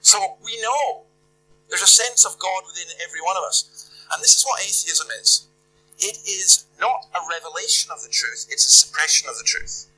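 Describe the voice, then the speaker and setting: A man's voice: sits high, lively intonation, normal speed, pushed and bright, faint music behind, rough recording. A man preaching a sermon in a conversational, emphatic way, firing off rhetorical questions. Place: church.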